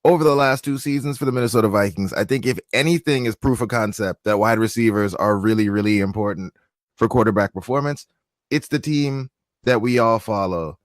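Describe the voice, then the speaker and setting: A man's voice: lowish voice, brisk, dry recording. Teasing man hosting sports podcast, dry sound. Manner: teasing, animated, signs off the show. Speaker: podcast host. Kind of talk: casual sports chat.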